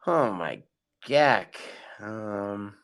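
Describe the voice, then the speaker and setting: A man hosting a casual live audio chat, hyped and excitable, giving slangy shout-outs to his listeners. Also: on the low side, extremely slow. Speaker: host of an online audio space.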